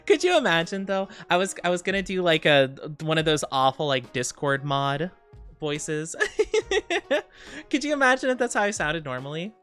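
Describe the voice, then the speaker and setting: A woman's voice: low voice, very animated, moderate pace, fairly bright tone, smooth, faint music behind. A young woman streamer talking casually while sick and dizzy, giggly, rambling and self-conscious. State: sick, dizzy, under the weather. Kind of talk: casual chat.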